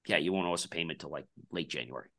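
Male podcast guest, deep bright voice, animated storyteller who plays out the back-and-forth in his anecdotes. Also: racing. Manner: animated storyteller acting out quoted dialogue. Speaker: podcast guest, company founder.

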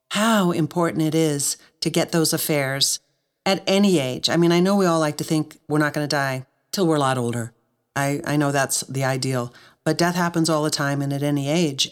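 A woman hosting a podcast, speaking earnestly to her guest and listeners, choked up with emotion. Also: low-pitched. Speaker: podcast host. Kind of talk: heartfelt interview chat.

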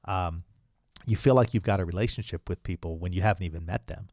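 A man's voice: low-pitched, quick pace, darkish tone, no echo, studio quality. A man talking as a guest on an interview podcast, explaining things earnestly and often restarting his sentences. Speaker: franchise attorney and podcast host.

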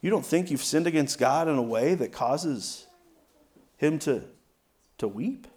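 A man, a pastor, preaching a conversational sermon, often asking "right?" and shifting his loudness for emphasis. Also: a little high, animated, unhurried.

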